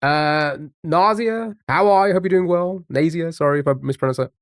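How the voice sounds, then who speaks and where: A man streams live, chatting casually with viewers and thinking aloud as he guesses words. He has a non-American English accent and a slightly high voice at a normal speed. The clean studio sound has no echo.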